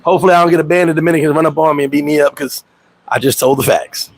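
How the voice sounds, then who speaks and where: A man hosting a casual livestream chat, animated and laughing, telling stories with profane street slang and acting out quotes in high voices. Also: very fast, no echo, poor audio. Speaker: host. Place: Dominican Republic.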